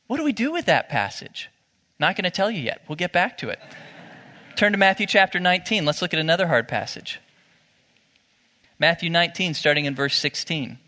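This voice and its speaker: A man preaching from the pulpit with a bright, forceful and fairly high voice. He moves between easy, conversational talk and animated emphasis. The sound carries the long reverb of a church hall. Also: a little fast, pauses often. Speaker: pastor. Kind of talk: sermon. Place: church sanctuary.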